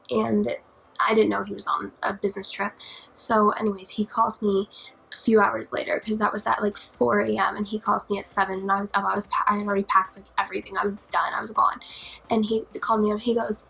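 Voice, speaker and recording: A young woman vlogger telling a scary personal story in a dramatic, profane way, dropping to whispers and rising to near-shouts. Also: medium pitch, level tone, a little fast, creaky, husky, soft background music, low-quality recording. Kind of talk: storytime vlog.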